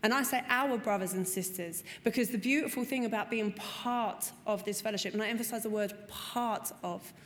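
A woman's voice: medium pitch, normal speed, few pauses, slight background noise. A woman speaking earnestly and candidly to a recovery group, swearing freely and repeating words for emphasis. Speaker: speaker sharing at a recovery meeting. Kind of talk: personal testimony to a group. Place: meeting room. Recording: long reverb of a meeting hall, faint room ambience.

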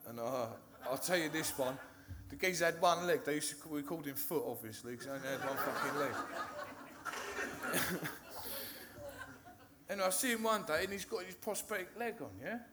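A man's voice: a little high, moderate pace, pauses often. Man telling a raw story, noisy. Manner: swearing, laughing, mimics the voices of people in his story. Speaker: recovering addict telling his story. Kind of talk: candid storytelling.

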